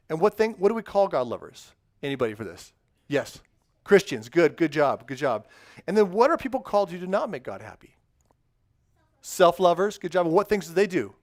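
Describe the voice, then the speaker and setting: A man's voice: fairly high pitch, no echo, studio quality. Upbeat man teaching a children's sermon. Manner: upbeat, encouraging, quizzes kids and praises answers. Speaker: children's pastor. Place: church sanctuary.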